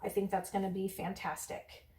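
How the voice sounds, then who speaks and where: A woman's voice: mid-range voice, little pitch movement, normal speed, dark tone, far from the mic. A woman hosting a home cooking vlog, talking casually and rambling with lots of ums as she works in her kitchen. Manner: chatty, rambling, many ums. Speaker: cooking channel host. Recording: echoey room, voice away from mic.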